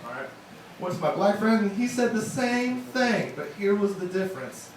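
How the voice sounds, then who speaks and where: Young male comic, slightly high voice, rambling delivery, echoey bar room. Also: sing-song, normal speed. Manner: rambling, self-deprecating, lots of fillers. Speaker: open mic comedian. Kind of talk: stand-up comedy set. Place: wine bar open mic. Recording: echoey room, distant mic, bar noise.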